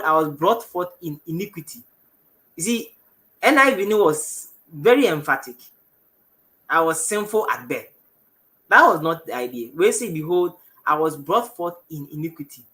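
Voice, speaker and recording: A man's voice: a little high, bright, forceful tone. A man with a Ghanaian English accent teaching the Bible on television in a studio, reading verses aloud and often stopping to correct himself. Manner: halting, self-correcting, reads verses aloud.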